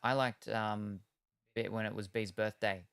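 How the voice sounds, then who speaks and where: A man's voice: lowish voice, fairly even intonation, measured pace, creaky, a bit bright, clean tone. A man chatting casually while opening trading cards, rambling through meandering retellings full of hedges and trailing asides. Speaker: card-opening streamer.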